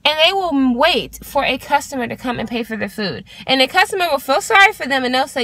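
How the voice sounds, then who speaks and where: A woman in her twenties telling an exasperated storytime rant to her vlog, swearing freely and talking in an animated way. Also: high-pitched, fast talker, no room sound. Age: 20s. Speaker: vlogger.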